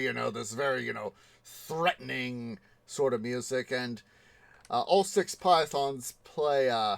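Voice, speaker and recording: A man's voice: medium pitch, gravelly, no room sound. A man hosting a casual gaming livestream, rambling through a story with many ums and restarts. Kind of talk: casual livestream chat while playing.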